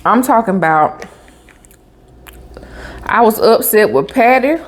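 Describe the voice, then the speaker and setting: Lively, chatty woman. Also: on the high side, takes it slowly, slight background noise. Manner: chatty, animated storytelling with asides like "honey" and "baby". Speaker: vlogger. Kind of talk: casual storytelling while eating.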